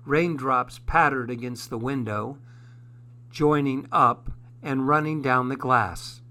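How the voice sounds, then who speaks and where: A man hosting a program, reading a children's story aloud in a gentle, measured way. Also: medium pitch.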